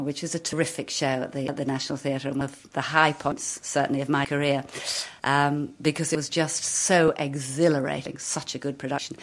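Brief: actress with a fairly low voice, animated and self-mocking, telling stage anecdotes. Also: female voice. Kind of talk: anecdotal talk.

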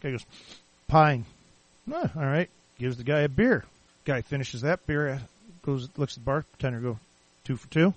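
A man's voice: mid-range voice, normal speed, dry recording. A man co-hosting a casual podcast, telling crude bar jokes in a laid-back way. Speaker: podcast co-host.

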